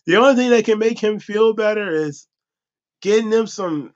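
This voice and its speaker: A man's voice: high voice, normal speed. A man hosting a podcast in a profane comedic rant, laughing often and acting out voices, on dull lo-fi audio. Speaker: podcast host.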